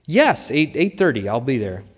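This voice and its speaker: A man's voice: mid-range voice, very animated, normal speed, slightly rough. Sheepish father voiced by a man, stammering, apologetic, hesitant, long reverb. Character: sheepish, awkward divorced father.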